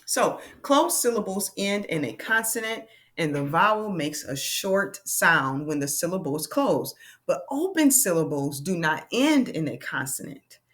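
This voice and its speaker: A woman teaches a children's phonics lesson, stretching out each vowel sound slowly. Her voice sits a little low for a woman. She keeps checking in with an encouraging "okay?". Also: very animated. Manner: slow, drawn-out sounding of letters and vowel sounds.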